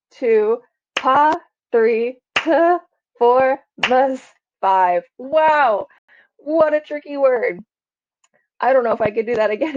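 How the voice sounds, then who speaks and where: A woman teacher giving a class lesson on video, speaking slowly and patiently and sounding out words beat by beat. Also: fairly high pitch, vocal fry, a little mellow, dry recording, dull audio.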